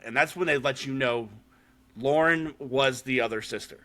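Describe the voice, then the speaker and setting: A man hosts a podcast where he casually goes over a horror short film, cursing freely and using many fillers. He has a mid-range voice with a sharp tone and a moderate pace.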